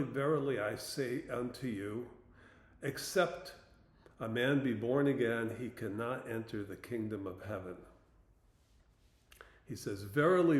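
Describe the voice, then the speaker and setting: A man in a roomy, echoing space gives a relaxed Bible lesson. He talks slowly and plainly, stopping now and then with an "um" to gather his thoughts. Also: medium pitch. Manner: slow, plain-spoken, pausing with fillers. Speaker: Bible teacher. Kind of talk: informal Bible teaching talk.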